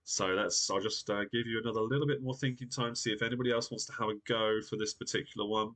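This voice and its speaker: A man's voice: lowish voice, steady tone, fast talker, a bit bright. A man hosting a live online quiz, chatty and upbeat, reading out viewer comments as he goes. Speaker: quiz host.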